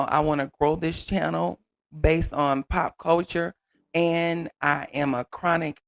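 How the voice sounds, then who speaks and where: A man hosting his own pop culture vlog from a small home studio, animated and chatty, talking straight to viewers with repeated catchphrases. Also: a little high, vocal fry, dry recording. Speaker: YouTube pop culture reviewer. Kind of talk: casual vlog intro.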